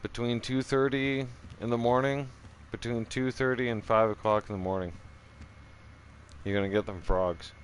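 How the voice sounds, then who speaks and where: A man's voice: medium pitch, steady tone, moderate pace, long pauses, a little hiss or hum. A middle-aged man telling a profane, rambling story in casual chat, full of "right?" asides. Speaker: streamer.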